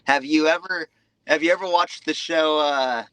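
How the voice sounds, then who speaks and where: A man speaks as a podcast guest in a bright, forward voice, recorded close and dry. He talks openly and without fuss. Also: a little high, moderate pace, clean tone, dry recording. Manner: easygoing, candid. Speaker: podcast guest, motocross rider. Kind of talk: casual interview chat.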